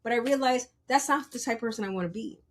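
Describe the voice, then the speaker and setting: A woman's voice: a little high, fast talker. A woman guesting on a podcast, telling candid stories about herself in a blunt, profane, playful way and acting out quoted people with big jumps in her voice. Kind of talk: candid conversational storytelling.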